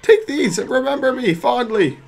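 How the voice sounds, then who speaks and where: A man voicing a small, panicky mushroom servant in a shrill, squealing voice, reading game dialogue. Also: expressive, normal speed, gravelly, soft background music, exaggerated voice. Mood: panicked.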